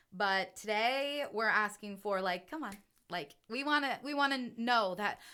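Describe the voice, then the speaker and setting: Woman on a spiritual podcast, kinda high voice, super bright, earnest and emotional. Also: clean tone. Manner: earnest and emotional, often tags "right?". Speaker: podcast co-host and self-described channel.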